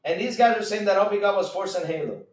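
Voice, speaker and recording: A man hosting a live stream, reading chat aloud and reacting with excitable disbelief and frequent laughter. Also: sits high. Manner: excitable, incredulous, laughing, rapid swings in loudness.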